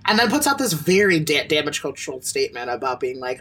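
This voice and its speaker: A man's voice: on the high side, very animated, brisk, fairly bright tone, husky. A man co-hosting a podcast in casual chat, talking bluntly and heatedly and swearing freely. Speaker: podcast co-host.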